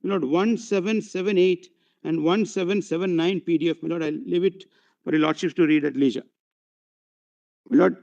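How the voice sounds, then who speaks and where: A man with an Indian English accent arguing a case before judges, deferential and halting, with frequent fillers. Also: on the high side, gravelly, a little mellow. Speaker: advocate. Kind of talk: courtroom legal argument. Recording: dull lo-fi courtroom audio feed.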